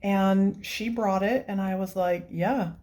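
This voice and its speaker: A woman who hosts a coloring book channel chats in a casual show-and-tell vlog, gushing as she shows things and laughing often. Her voice is medium-pitched, steady, slow and darkish, and she sounds tearful, near crying.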